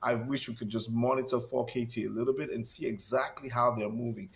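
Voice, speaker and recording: A man casting an esports league broadcast, energetic and upbeat, reading out standings and laughing easily between lines. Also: medium pitch, fairly quick. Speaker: esports caster.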